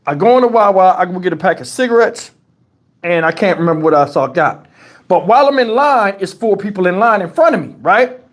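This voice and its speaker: A man with a fairly high voice tells a story live to his viewers. He is loose and profane, and he jumps into the voices of the people he quotes. It sounds like a close clip-on mic. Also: a little fast. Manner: animated, profane, acts out quoted dialogue. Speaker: livestream host. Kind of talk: casual storytelling to a live chat. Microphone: wireless lavalier.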